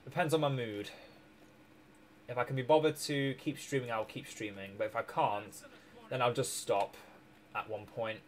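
This gameplay streamer speaks in a mid-range voice at a moderate pace with fairly even intonation, pausing often. Playing a strategy game, he's tired and hiccuping, rambling through his moves with self-corrections, restarts, and small laughs in a casual way.

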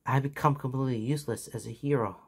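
A man voicing a weary, solemn older mentor hero in a fan fiction reading, speaking slowly and gravely. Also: medium pitch, steady tone. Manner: grave, slow and deliberate.

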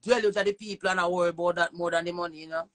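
A man's voice: high voice, steady tone, a loud crowd. A man, a guest in a casual interview, often chiming in with agreement. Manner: affirming, quick agreeing interjections.

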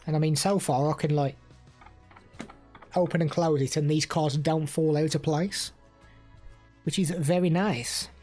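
A man's voice: fairly high pitch, fairly even intonation, a little slow, long pauses, warm tone, soft background music. A young man chatting casually on a live stream, rambling and answering chat messages.

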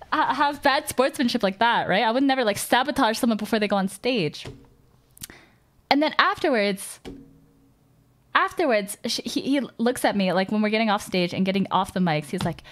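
A young woman with a high-pitched voice tells a personal story in casual streaming chat. She rambles, restarts her sentences and swears freely as she talks. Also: lively intonation, moderate pace, fairly bright tone. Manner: rambling, emotional, swears often, many restarts.

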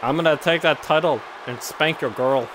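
A man with a fairly high voice co-hosts a gaming channel, trading casual, joking, crude banter over gameplay at a normal pace. It's let's-play chatter with noise in the background.

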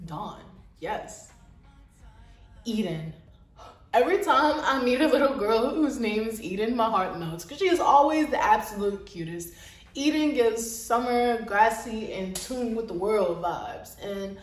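A woman's voice: medium pitch, far from the mic. Chatty woman vlogging in an echoey room. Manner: animated, slangy, talks to viewers directly. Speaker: mom vlogger. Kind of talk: casual chatty vlog. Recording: echoey room, voice a bit off-mic, light music.

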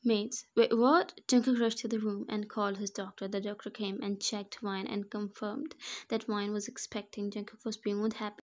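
A woman reads fan fiction aloud in a mid-pitched, nearly monotone voice. Her delivery is even and steady, with the odd stumble over a word. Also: moderate pace. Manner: even, monotone reading with small slips.

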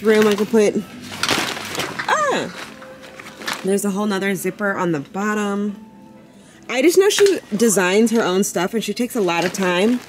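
A young woman vlogging in a casual, chatty, upbeat way, talking to her viewers on a handheld camera as she goes about her day. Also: medium pitch. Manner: chatty, upbeat, quick asides. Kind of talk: casual vlog chat. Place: home, then car and store.

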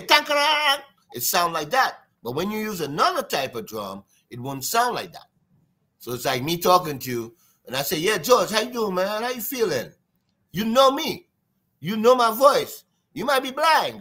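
Trinidadian drummer, male, bright lively delivery, wide pitch swings, sing-song storyteller. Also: moderate pace. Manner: lively, sing-song, imitates drum sounds. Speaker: guest drummer. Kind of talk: animated storytelling interview.

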